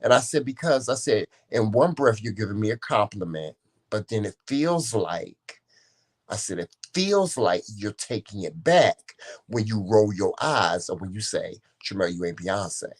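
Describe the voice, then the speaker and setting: Homme expressif, conteur théâtral. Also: male voice, lowish voice, measured pace, slightly rough. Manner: expressive, theatrical storytelling. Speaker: co-host. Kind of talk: casual couple chat.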